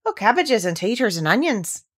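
A woman voicing a grumpy old gardener with a gruff, grumbling manner. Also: on the high side, sing-song, moderate pace.

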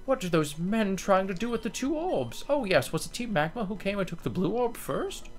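A man's voice: sits high, big pitch swings, normal speed, faint music behind, voice pushed up. A man reading as a solemn elderly shrine keeper. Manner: earnest, solemn line reading.

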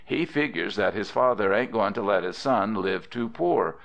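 A frank young cowboy, as a male narrator voices him, easygoing and plain-spoken with a western drawl. The voice sits low with a lively, moving pitch. The recording is dull and lo-fi. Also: normal speed, vocal fry.

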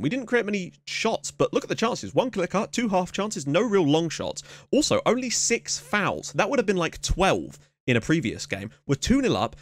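A man hosting a let's play, giving excitable running commentary on a match with sudden yelps at big moments. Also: sits high. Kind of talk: casual gameplay commentary. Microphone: camera mic.

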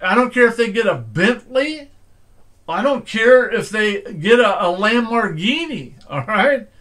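An older man preaches in a folksy, conversational way, full of homespun stories and asides. His voice sits high and sounds bright and ringing. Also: very animated, a little slow. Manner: folksy storytelling preaching, says "all right?" often. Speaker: pastor. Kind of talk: sermon.

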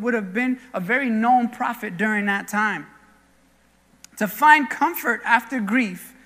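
A male pastor with a very high, bright, forceful voice delivers a sermon in an earnest, conversational way, mixing in stories from his own life. His words ring out with the long reverb of a church hall. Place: church sanctuary.

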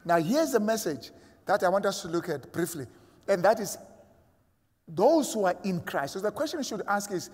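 Man, pastor, sermon, emphatic, high voice, from South Africa, long hall reverb. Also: expressive, a little fast, a little mellow, breathy edge. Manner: emphatic preacher, acting out imagined voices.

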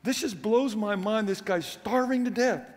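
A male preacher gives a missions conference sermon, his slightly high voice climbing on questions and numbered points. He mixes in humorous asides. The sound carries a long reverb from the church hall. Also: moderate pace. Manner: emphatic, rising on questions and lists.

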